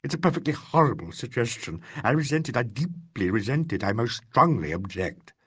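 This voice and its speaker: A man reading an audiobook, voicing a frightened, furtive suspect who pleads and protests in a husky voice. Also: medium pitch, sing-song, brisk, a bit bright, heavily acted. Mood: distraught. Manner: pleading, tearful, indignant outbursts.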